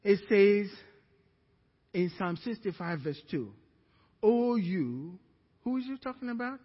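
This sermon comes from a middle-aged African pastor whose high, husky voice is expressive and slow as he tells a story, acting out quoted lines with climbing pitch. The sound is dull, carried by the lingering reverb of a church hall.

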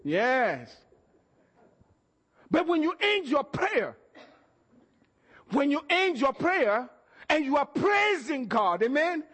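A man preaching a sermon, calling out to the congregation and shouting at the peaks while acting out the voices he quotes. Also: very high-pitched, very animated, slow pace, pauses often. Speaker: pastor. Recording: church hall reverb.

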